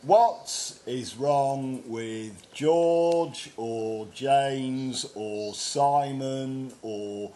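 A man co-hosting casual comedy banter, in an excitable, jokey, riffing manner. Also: mid-range voice, very slow, hardly any pauses. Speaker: co-host.

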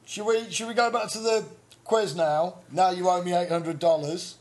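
A man's voice: high-pitched, normal speed. A man hosting a comic improvised quiz bit on a podcast, bumbling and hesitant. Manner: bumbling, hesitant, often laughing. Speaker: podcast co-host playing quiz host.

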